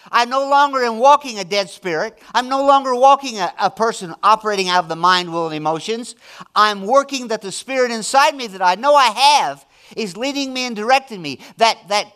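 A middle-aged pastor preaches a sermon emphatically in a very high, clean-toned voice. He swings between loud declarations and hushed, intimate asides.

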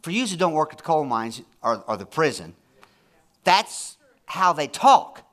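A man delivering a church sermon with a bright, ringing tone. He preaches emphatically, piles up repeated phrases, and his pitch leaps around with lively energy. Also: measured pace. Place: church service.

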